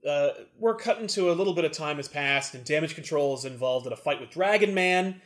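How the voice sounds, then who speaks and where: A man co-hosting a casual comic podcast, recapping the plot with lots of voices. His voice sits high and swoops a lot as he narrates. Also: brisk. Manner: animated storyteller who acts out characters. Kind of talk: casual chat.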